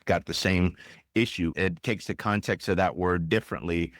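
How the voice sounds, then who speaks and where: Low-voiced host telling stories. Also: male voice, moderate pace, no room sound, clean studio sound. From United States. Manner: lively anecdotal storyteller. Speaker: podcast host. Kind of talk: casual interview chat.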